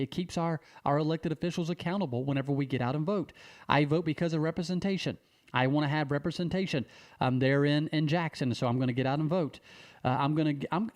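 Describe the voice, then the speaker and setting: Guy from mississippi, earnest talk to camera, keeps repeating himself, slows way down to hit the big points. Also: a little high, darkish tone. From Mississippi, USA. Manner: repetitive, emphatic, with slow stressed phrases and restarts. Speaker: civic advocate addressing viewers. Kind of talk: earnest direct-to-camera appeal.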